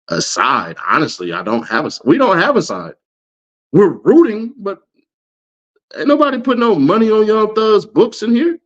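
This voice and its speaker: A man, an online commentator, ranting at viewer comments in animated slang and laughing often. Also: mid-range voice. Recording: dull lo-fi audio.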